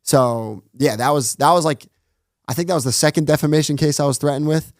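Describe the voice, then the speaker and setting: A man's voice: on the high side, dry recording, clean studio sound. A man on a podcast as a guest, telling stories in a casual way and acting out quoted lines, with constant "like" fillers. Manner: fast retelling, acts out quoted dialogue, heavy use of "like". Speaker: podcast guest, runs his own online show. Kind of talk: casual storytelling interview.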